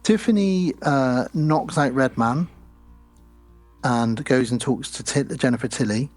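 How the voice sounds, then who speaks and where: A man's voice: mid-range voice, a little slow, faint music behind. A man co-hosting a podcast, retelling movie scenes in casual chat with blunt, crude jokes. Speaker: podcast co-host. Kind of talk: casual film recap chat.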